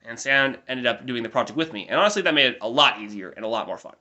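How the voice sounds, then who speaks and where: A young American man in his twenties rattles through a casual diary-style update at a quick clip. His voice is bright and forward, and he wanders off into chatty, self-mocking asides. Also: medium pitch, lively intonation, dull audio. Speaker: vlogger.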